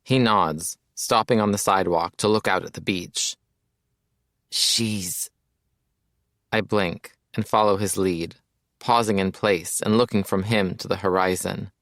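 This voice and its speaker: A man's voice: low-pitched, steady tone, measured pace, a bit bright, no room sound, clean studio sound. A man narrating an audiobook in the first person, with a casual, wry storytelling manner.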